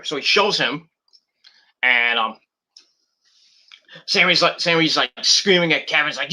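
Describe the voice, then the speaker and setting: Man, casual wrestling reviewer, rambling and foul-mouthed, tense and cutting tone, slightly high. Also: unhurried, pauses often, sharp tone. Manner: profane, blunt, rambling play-by-play. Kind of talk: casual match recap.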